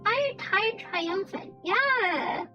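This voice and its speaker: A woman with a very high, light voice chats casually through a game stream, speaking slowly and unhurriedly. She rambles and repeats words as she thinks. Soft music plays faintly behind her. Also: animated.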